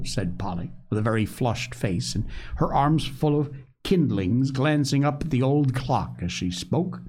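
Expressive male reader for a storybook session; mid pitch, lively. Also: measured pace, breathy edge. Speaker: host reading a book aloud. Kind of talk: storybook read-aloud.

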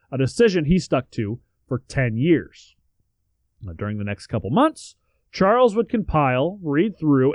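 A man's voice: medium pitch, darkish tone, no room sound, dull audio. Man telling history podcast-style, dry sound. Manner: reads facts then adds joking asides and swearing. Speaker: podcast co-host. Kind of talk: casual history podcast narration.

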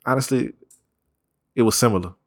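A man talking casually about comics, rambling with slang, profanity and quick laughs. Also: medium pitch, vocal fry, slightly rough, dry recording, clean studio sound. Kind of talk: casual chat.

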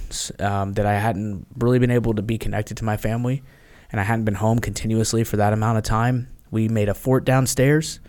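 A man's voice: fairly low pitch, darkish tone. A man, a podcast guest, telling stories in casual chat and acting out quoted voices, with many fillers.

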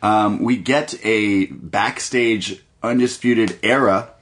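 Laid-back young man, low voice. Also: slow, a little hiss or hum. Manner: laughs often, animated retelling. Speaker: podcast co-host. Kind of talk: casual wrestling review chat.

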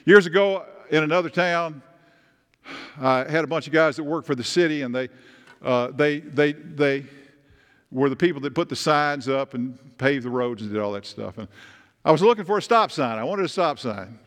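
A man's voice: medium pitch, fairly bright tone. A man, preaching a sermon as pastor, talking in a conversational way and asking the congregation questions. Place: church sanctuary. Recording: long reverb of a church hall.

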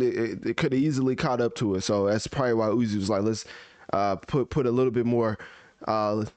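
A man hosting a casual music review chat, talkative and opinionated, working through chart numbers out loud. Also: mid-range voice, no room sound. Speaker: music review podcast host.

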